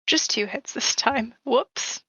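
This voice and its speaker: Gravelly, wry woman player. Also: on the high side, slow, bright, forceful tone, no echo, low-quality recording. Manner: wry, offhand, trivia asides. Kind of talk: tabletop game play.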